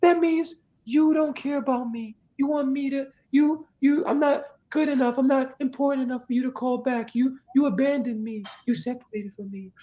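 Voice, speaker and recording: A man's voice: steady tone, moderate pace, hardly any pauses, warm tone, dull audio. A man putting on a whiny abandoned lover. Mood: self-pitying. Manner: high whiny dramatic pleading. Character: anxious needy man feeling abandoned.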